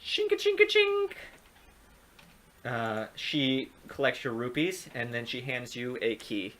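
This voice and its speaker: Man, game master, tabletop narration, relaxed, hesitant. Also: mid-range voice, a little slow.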